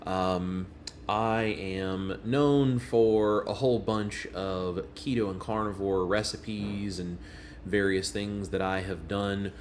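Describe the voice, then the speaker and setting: A man's voice: fairly low pitch, fairly even intonation, slow. A man hosts a casual livestream. He greets his viewers one by one in a friendly, easygoing way. Faint noise sits behind his voice. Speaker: livestream host.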